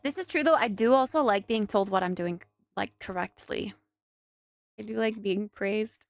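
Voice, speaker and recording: A woman's voice: mid-range voice, normal speed, dry recording, studio quality. Giggly young woman streamer chatting. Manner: giggly, chatty, filler-heavy with "like". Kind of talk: casual live-stream chat.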